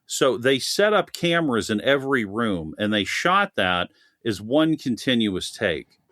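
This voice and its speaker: A man's voice: medium pitch, very animated, measured pace, a bit bright, dry recording, studio quality. A man chatting animatedly as a guest on a film podcast, laughing often and talking at length. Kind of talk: casual podcast chat.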